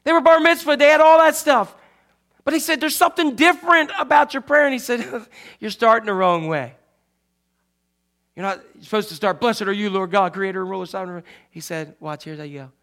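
A man delivers a sermon in a high, lively voice. He acts out quotes loudly, then drops to soft, hushed asides. He talks like a pastor chatting with his congregation. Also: moderate pace. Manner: animated, swings from loud acted quotes to soft hushed asides.

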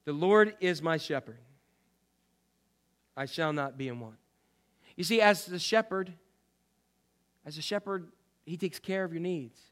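Male pastor, sermon, animated, slightly high voice, loud then quiet. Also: a little slow, pauses often. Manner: animated preaching, swinging from loud emphasis to quiet asides.

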